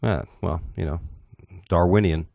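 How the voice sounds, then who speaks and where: A man's voice: sits low, measured pace, gravelly, warm tone, dry recording. A man hosting a casual talk show, reading odd news stories aloud and giving blunt, profane opinions with stumbles.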